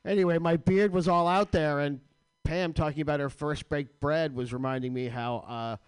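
A man's voice: a little high, fairly even intonation, moderate pace, clean tone, no echo. A man hosting a radio show, ranting with crude, sarcastic comedy in a studio.

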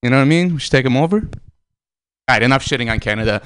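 A man's voice: mid-range voice, animated, rapid-fire, a bit bright, clear, resonant tone. A man from Armenia doing a stand-up set, delivering his punchlines in a punchy, emphatic way. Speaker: stand-up comedian.

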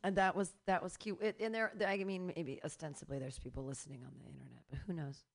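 A woman's voice: sits low, steady tone, fast, creaky, soft background music. A woman hosting a small open mic, upbeat and hyping the crowd between comedians. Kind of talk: live event hosting.

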